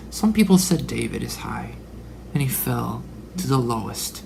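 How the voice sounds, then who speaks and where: A man's voice: medium pitch, big pitch swings, normal speed, vocal fry, noisy background. A man in his forties delivering a religious monologue, dramatic, sometimes dropping into whispered asides. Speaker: religious speaker. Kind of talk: preaching monologue.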